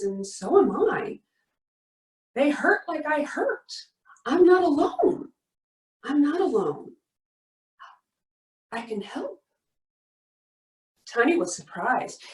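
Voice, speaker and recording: A woman leading a worship service, reading a story aloud and then praying, in an earnest, gently emphatic way with repeated refrains. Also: high voice. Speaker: worship leader. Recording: roomy sound from a distance.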